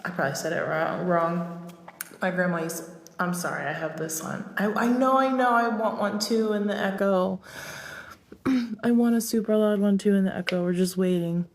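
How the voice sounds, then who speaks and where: A woman's voice: medium pitch, fairly even intonation, moderate pace. A woman streaming live, chatting casually and playfully, often breaking into giggles. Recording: echoey room with long reverb.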